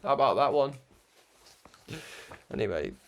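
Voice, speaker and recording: A man's voice: medium pitch, big pitch swings, a little slow, a bit bright. A man with a Scouse accent hosting his own broadcast, talking through his thoughts in a rambling, reflective monologue that keeps restarting and breaks into chuckles. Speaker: broadcast host.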